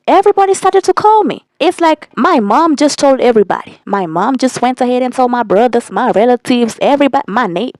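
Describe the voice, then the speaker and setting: A young woman telling a storytime vlog in a casual, animated way, cursing and repeating lines for emphasis. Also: on the high side, no echo. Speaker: vlogger.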